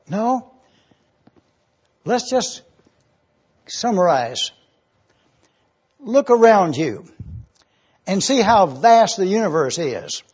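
Slow, deliberate preaching man, husky. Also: high voice, darkish tone, highs cut off. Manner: deliberate preaching, stretches key words. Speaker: pastor. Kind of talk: sermon.

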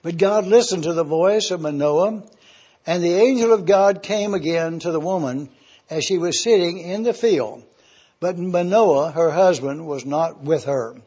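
A man teaching a Bible study, slow and deliberate, repeating key words for emphasis. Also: a little high, dark tone, breathy edge. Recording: dull lo-fi sound.

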